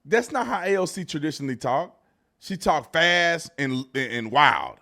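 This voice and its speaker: Dude ranting over news clips, aave, mocking, goes from mumbling to yelling. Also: male voice, measured pace, gravelly. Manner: mocking, animated, swings from low mutters to shouts. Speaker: political commentary host. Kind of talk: casual reaction commentary.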